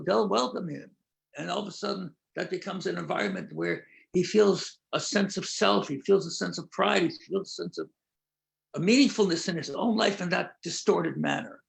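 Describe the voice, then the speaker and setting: An older man, a rabbi, speaking in an earnest, measured way and slowing down to stress key points as he tells stories. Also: a little high, creaky, low-quality recording. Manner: earnest, measured, with deliberate slowed emphasis. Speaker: rabbi and prison-outreach leader. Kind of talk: conversational talk, storytelling.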